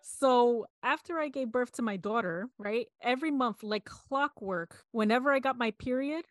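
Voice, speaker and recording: A woman's voice: fairly high pitch, moderate pace, no echo, clean studio sound. A woman in her thirties co-hosting a casual chat, telling stories in a frank and emotional way. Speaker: podcast co-host.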